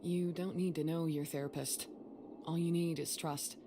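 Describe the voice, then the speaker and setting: A man voicing a blunt, sardonic young woman in a game, talking in a mocking, sharp-tongued way. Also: a little high, level tone, normal speed, noisy background, lightly acted.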